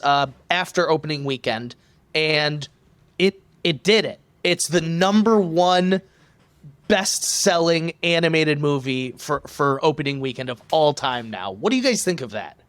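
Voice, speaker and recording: A man leading a casual podcast conversation in a voice a little higher than most men's. He sounds playful and enthusiastic, and the recording is dry with no room sound. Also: animated, unhurried, fairly bright tone, dry recording.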